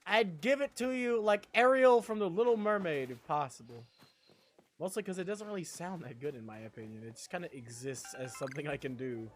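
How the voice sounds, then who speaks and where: A man's voice: a little high, a little fast, soft background music. A young man streaming live, chatting casually while he plays a game, rambling with jokey asides. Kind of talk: casual chat while gaming.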